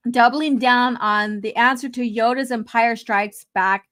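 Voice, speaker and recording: A woman's voice: fairly high pitch, fairly even intonation, unhurried, fairly bright tone. A woman hosting a casual live stream, laughing often as she reads chat messages aloud. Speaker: host.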